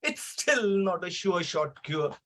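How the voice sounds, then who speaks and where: A man with an Indian English accent performs a comic poem in a high voice. He takes it slowly, with mock gravity and the odd sudden loud burst. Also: animated. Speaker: poet reciting. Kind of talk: humorous poetry recital.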